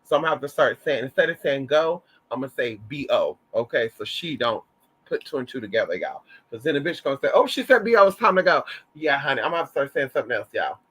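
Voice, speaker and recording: Quick-paced and expressive, a man with a medium-pitched voice hosts a casual livestream chat. The tone is fairly bright with a breathy edge as this vlogger sasses his viewers, swears freely and calls them honey.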